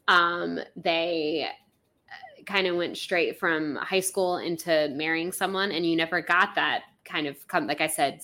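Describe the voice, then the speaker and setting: Fast-talking bright-voiced young woman. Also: sits low. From Florida, US. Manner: fast, chatty, many fillers. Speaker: podcast co-host. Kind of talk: casual chat about a book.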